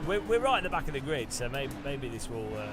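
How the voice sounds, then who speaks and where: Excitable man with lively pitch. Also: fast talker, very noisy. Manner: excitable, incredulous, exclaiming and laughing. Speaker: sim racing video host. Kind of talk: live gameplay commentary. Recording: background music under voice.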